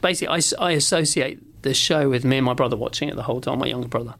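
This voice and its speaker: A man's voice: medium pitch, racing, creaky. A man in casual conversation, telling an anecdote and acting out the voices in it. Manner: animated storyteller, acts out quotes. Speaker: podcast co-host.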